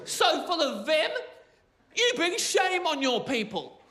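A man voicing a bossy, self-righteous goose in a shrill, drawn-out voice during a stand-up bit. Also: sing-song, heavily acted. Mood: shrill scolding. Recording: roomy club sound with loud crowd.

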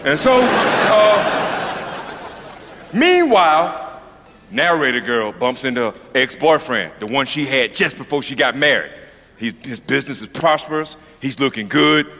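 A man's voice: fairly high pitch, bright, forceful tone. A man doing a profane stand-up routine, mocking the story and acting out its characters. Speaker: stand-up comedian. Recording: long reverb of a hall, faint noise.

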